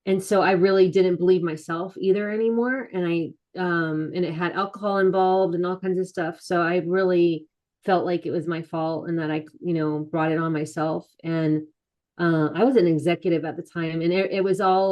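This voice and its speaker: A woman on an interview podcast talks through her own past with many pauses and restarts. Her voice sits a little low, and she often slips into quoting the people around her. She sounds middle-aged and speaks candidly. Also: lo-fi sound. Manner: soft-spoken, halting, many restarts and quoted asides. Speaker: guest, author and mental health advocate. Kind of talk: candid personal storytelling in an interview.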